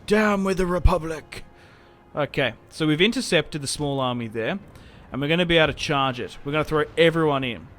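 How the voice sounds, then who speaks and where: A young man hosting a gaming channel gives chatty, joking commentary over his own strategy game, often trailing off and starting again. He talks fast with hardly any pauses, in a slightly high, bit bright voice, with faint music in the background.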